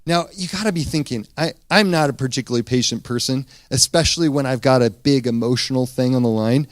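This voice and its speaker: A man preaching a sermon as pastor, retelling a scripture story in a casual, animated way with frequent restarts. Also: mid-range voice, fast, no room sound, studio quality.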